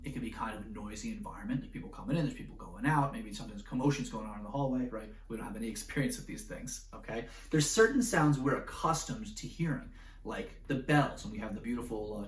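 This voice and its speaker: A man teaching a class, lively and animated, acting out little scenes and checking in with "right?" all the time. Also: mid-range voice, a little hiss or hum. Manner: animated, acts out scenarios with voices, keeps asking "right?". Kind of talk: classroom lecture. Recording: roomy echo, mic at a distance.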